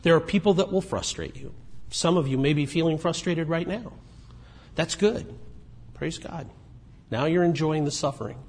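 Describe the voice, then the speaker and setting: A man preaching a sermon in a conversational way, moving between emphatic points and quiet asides. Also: fairly high pitch, normal speed, long pauses. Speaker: pastor.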